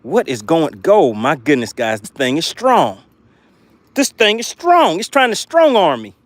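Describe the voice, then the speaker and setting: Young male fishing host, outdoors on a boat, animated delivery, fairly high voice, dry close sound. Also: measured pace, no echo. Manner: animated, hypes viewers, playful made-up words. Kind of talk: excited live fishing commentary.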